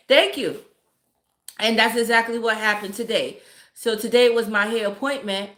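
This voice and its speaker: A woman's voice: fairly high pitch, normal speed, echoey room. A woman casually telling a story to her live viewers, swearing freely and laughing as she goes. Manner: profane, laughing, animated storytelling. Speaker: streamer.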